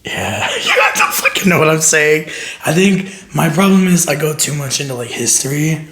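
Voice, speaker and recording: A man co-hosting a podcast in casual chat, joking and rambling with plenty of swearing, his voice hoarse and half gone. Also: fairly high pitch, lively intonation, moderate pace, a bit bright. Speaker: podcast co-host.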